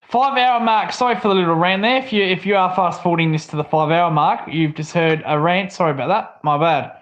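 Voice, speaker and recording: A man's voice: sits high, fast talker, a bit bright, lo-fi sound. A young Australian man co-hosting a livestream, chatting casually and ranting with lots of swearing. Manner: swears a lot, rants. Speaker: livestream co-host. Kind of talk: casual stream chat.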